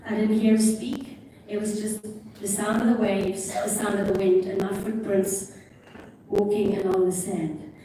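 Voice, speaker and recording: A woman with an Irish accent, a guest preacher giving a sermon in a church, telling a story in a chatty, animated way with self-mocking asides. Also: mid-range voice, a little slow, crowd noise. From Ireland. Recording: echoey church from a distance, faint noise.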